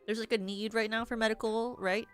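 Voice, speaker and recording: A woman's voice: on the high side, flat delivery, a little fast, faint music behind. A young adult woman streaming as a VTuber, chatting casually in a rambling, theatrical way with many filler words. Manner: self-described yappy, theatrical.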